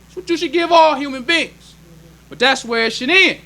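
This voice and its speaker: A man's voice: extremely high pitch, normal speed, bright, forceful tone. A man preaching a sermon as minister, emphatic and plainspoken, repeating his points. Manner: plainspoken, conversational delivery.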